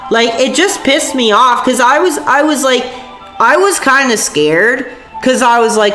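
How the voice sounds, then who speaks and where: A woman's voice: fairly high pitch, expressive, unhurried, fairly bright tone. A woman streamer, sick with a sore voice, ranting angrily and profanely to her chat. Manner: angry, profane, rambling. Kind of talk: livestream rant to chat. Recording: echoey room with faint music.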